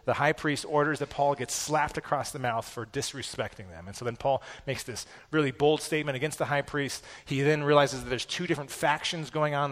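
A pastor giving a sermon in a casual, conversational way, with self-deprecating personal stories. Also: male voice, medium pitch, a bit bright, in a large hall.

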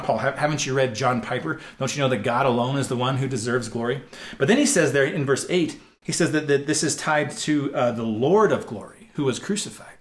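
A man preaching a sermon in a conversational, earnest way, often restarting and repeating words as he explains. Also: mid-range voice. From United States. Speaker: pastor.

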